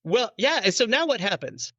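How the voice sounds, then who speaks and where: Bright-voiced doctor explaining to patients. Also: male voice, high-pitched, big pitch swings, moderate pace, husky, no echo, highs cut off. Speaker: bariatric physician. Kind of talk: podcast interview explanation.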